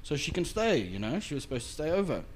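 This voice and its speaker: A man hosting a casual podcast, telling a story in an animated way and swearing freely. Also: on the high side, fast talker. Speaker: podcast host.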